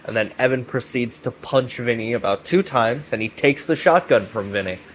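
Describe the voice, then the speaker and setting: A man giving a casual, rambling recap of a web series. He is excitable and profane, repeats himself, and keeps checking in with "right?". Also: medium pitch, moderate pace, a little hiss or hum. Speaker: YouTube commentator.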